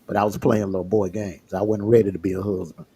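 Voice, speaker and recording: Husky man with a low voice speaks candidly about his own past in a casual livestream chat. He often restarts and repeats words as he works out what he means. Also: flat delivery, fast, warm tone. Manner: candid, repeats words while gathering thoughts. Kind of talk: casual personal storytelling.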